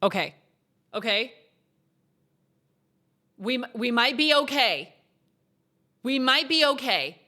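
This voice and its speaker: A young woman gaming streamer doing let's-play commentary, joking, giggling and reacting loudly to the story. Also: fairly high pitch, big pitch swings, slow pace, pauses often.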